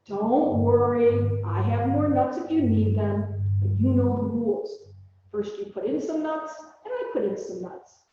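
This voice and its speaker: A woman's voice: a little high, a little slow, warm tone, slight background noise, close to an everyday voice. A woman voicing a kindly, fussing old grandmother in a storybook reading, chatty and doting. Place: large echoey church hall. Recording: distant, dull, echoey hall recording.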